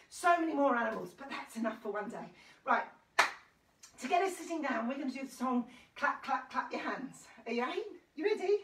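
A woman's voice: high-pitched, a bit bright, distant mic. A woman singing nursery songs and leading actions for small children, calling out encouragement between the verses. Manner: sing-song, encouraging, calls out instructions between songs. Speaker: children's sing-along leader. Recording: roomy sound from away from the mic.

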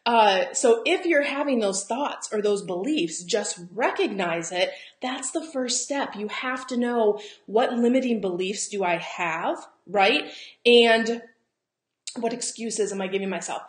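A woman's voice: a little high, expressive, measured pace. Chatty Southern woman coaching, echoey room. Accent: Southern American. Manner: chatty and encouraging, often laughing and acting out quotes. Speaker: travel business coach. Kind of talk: live-streamed coaching talk. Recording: roomy echo.

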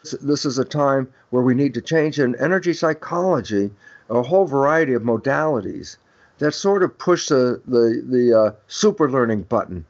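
Older male guest expert, mid-pitched, emphatic lecturer who voices quoted exchanges; dull low-fi recording. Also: animated, normal speed, darkish tone. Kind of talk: podcast interview, explaining ideas. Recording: dull lo-fi audio.

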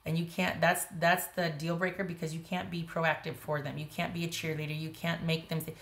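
A woman with a notably low voice gives a casual tarot reading to the camera. She talks bluntly and emphatically, in a conversational flow full of restarts. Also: little pitch movement, brisk, creaky, fairly bright tone. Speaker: tarot reader.

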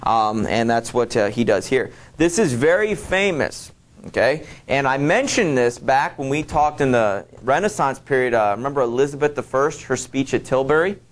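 A man's voice: mid-range voice, lively intonation, normal speed. Hesitant male teacher lecturing. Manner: hesitant, full of fillers and restarts, addresses students directly. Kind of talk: classroom lecture.

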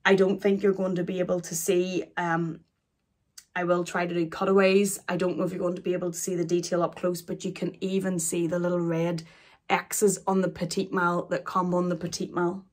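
A woman's voice: fairly low pitch, flat delivery, a little mellow. Emotional woman in her forties. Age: 40s. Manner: emotional, halting, with many restarts and fillers. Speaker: luxury vlogger. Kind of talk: chatty unboxing vlog.

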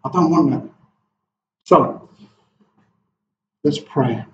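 A man's voice: a little high, drawn-out words, noisy background. A man preaching a sermon as pastor, impassioned and firing off rhetorical questions in a church hall. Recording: echoey, distant, dull room recording.

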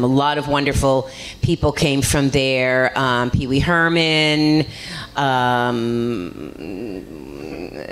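Low-voiced woman telling chatty stories. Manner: chatty, rambling, lively storytelling. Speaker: actress as panel guest. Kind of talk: convention panel storytelling. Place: convention panel room.

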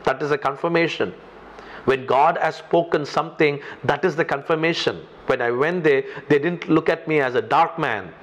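A man's voice: a little high, moderate pace. A pastor from India preaching a sermon in English with an Indian accent, emphatic and repeating his key phrases.

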